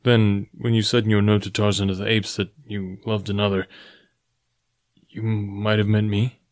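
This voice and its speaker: A man voicing a strong, fierce but tender jungle man in a storybook reading, low and firm. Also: level tone, moderate pace, close to an everyday voice. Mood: earnest, fierce.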